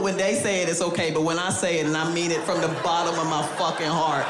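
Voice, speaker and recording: A woman's voice: lowish voice, little pitch movement, quick pace, few pauses. A woman performs stand-up in a club, cursing freely and laughing through her punchlines. Her voice rings in a roomy, echoey space. The recording is noisy, with the hum of a live venue behind her. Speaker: stand-up comedian. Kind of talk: stand-up set. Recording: echoey live room with noise.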